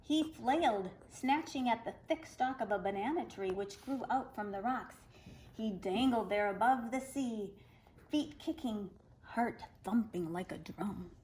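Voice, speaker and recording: A woman reading a folktale aloud to children, expressive and animated. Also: fairly high pitch, unhurried, slight background noise, poor audio. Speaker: children's storyteller.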